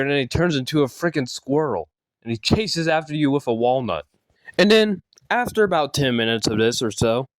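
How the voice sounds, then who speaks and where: A young man improvising a silly creepypasta story, rambling and correcting himself with jokes, his voice slightly hoarse. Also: mid-range voice, dry recording. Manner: rambling, self-correcting, jokey. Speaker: narrator.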